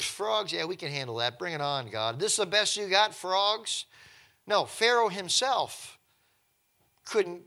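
A man's voice: a little high, pushed and bright. A male preacher giving a conversational Bible teaching, reading scripture aloud and breaking in with wry, joking asides.

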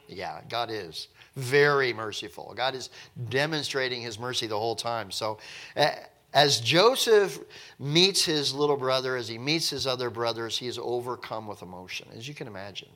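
A man leading a casual Bible study, rambling and animated, acting out the people in the passage. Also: medium pitch, normal speed. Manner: rambling, animated, acts out the people he talks about.

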